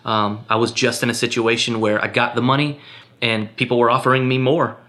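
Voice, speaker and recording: A young man, a filmmaker, answering interview questions in a relaxed, candid way, with lots of fillers and quick acted-out quotes of other people. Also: medium pitch. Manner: relaxed and candid, many fillers like um and you know; acts out other people's lines in a raised voice. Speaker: filmmaker guest.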